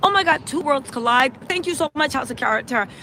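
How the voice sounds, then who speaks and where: Woman, high voice, emphatic livestream chat, outdoors on a city street, faint traffic hum. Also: lively intonation, brisk, sharp tone, low-quality recording. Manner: chatty, emphatic, many "right?" tags. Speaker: livestream host. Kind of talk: casual livestream commentary.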